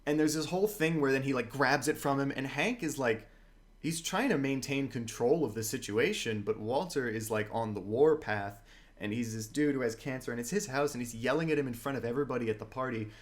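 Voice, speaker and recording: A man co-hosting a podcast and chatting casually. He tells stories with a lot of energy and slips into the voices of the people in each scene as he retells it. His voice sits at an ordinary mid pitch for a man. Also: brisk. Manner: animated storyteller acting out scenes. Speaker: podcast co-host.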